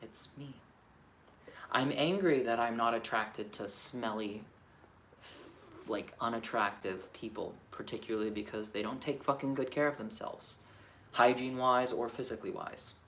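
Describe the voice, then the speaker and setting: A man with a gravelly edge to his voice talks himself through his feelings in a candid, self-questioning way. He drops to a mutter and then pushes out emphatic, profane lines. The room has a clear echo and a faint hum of ambient noise behind him. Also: medium pitch, moderate pace, a bit bright. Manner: candid, self-questioning, swings between muttering and emphatic outbursts, swears freely. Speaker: vlogger. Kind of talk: solo self-reflection, thinking aloud.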